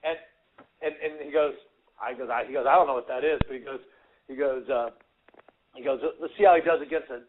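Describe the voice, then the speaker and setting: A man, a former fighter and radio guest, telling animated stories full of fillers and acted-out quotes. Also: mid-range voice, fast. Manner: animated storyteller, acts out quotes, many fillers. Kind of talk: casual storytelling on a radio show. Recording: tinny phone line with faint hiss.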